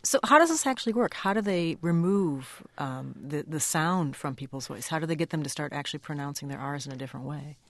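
A woman hosting a radio news program, introducing a guest and interviewing him in a measured broadcast delivery. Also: sits low, lively intonation, no echo.

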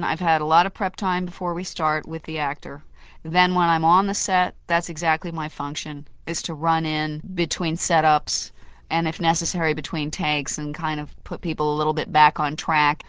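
A woman dialect coach on radio, talks crisp and precise, lowish smooth voice, dry studio sound. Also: a bit bright, no echo. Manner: articulate and precise, explaining her craft. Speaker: dialect coach, interview guest. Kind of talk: radio interview.

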